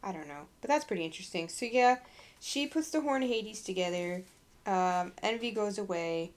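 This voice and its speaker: A woman's voice: mid-range voice, expressive, moderate pace, slight background noise. A woman co-hosting a podcast about a book, chatting casually and reading passages aloud. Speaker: podcast co-host. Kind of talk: casual book-club chat.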